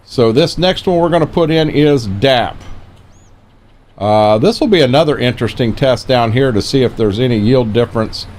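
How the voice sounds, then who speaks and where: A man's voice: mid-range voice, normal speed, darkish tone. An older man giving laid-back, folksy commentary while streaming a farming game. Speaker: gameplay streamer and real farmer. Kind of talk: casual gameplay commentary.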